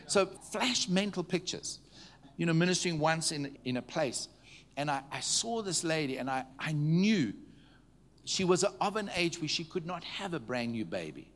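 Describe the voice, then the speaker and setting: A man preaching to a congregation, telling stories in a conversational way, checking in with the listeners and dropping to a hushed tone at tender moments. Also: on the high side, lively intonation, moderate pace. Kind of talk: storytelling sermon. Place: church meeting before a live audience.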